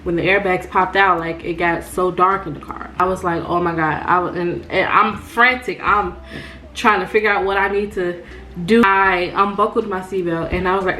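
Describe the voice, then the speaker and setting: A young woman, telling her viewers a story in an animated storytime vlog and calling them y'all. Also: medium pitch, normal speed, a little hiss or hum. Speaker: vlogger.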